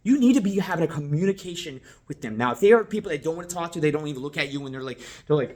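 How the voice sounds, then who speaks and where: A man training restaurant servers, talking straight to the viewer in an animated, coaching way and checking that they follow along. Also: fairly high pitch, very fast, hardly any pauses. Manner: acts out guest and server lines. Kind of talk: instructional talk to camera.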